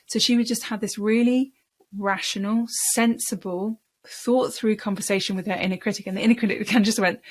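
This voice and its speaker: A woman's voice: medium pitch, fairly even intonation, brisk. A woman speaking coach giving a lesson, explaining in a conversational way and repeating words for emphasis. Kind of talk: talking-head coaching lesson.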